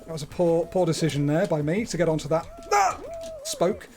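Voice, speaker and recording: A man's voice: on the high side, huge pitch swings, a little fast, darkish tone, faint music behind. A man streaming live, talking through his gameplay in a chatty, playful way with wordy asides. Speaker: gaming streamer.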